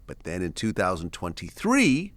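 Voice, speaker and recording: A male interview host with a fairly low voice that moves a lot in pitch. He recaps the story before pressing with follow-up questions, heard close and dry in a studio. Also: huge pitch swings, normal speed, a bit bright, no room sound.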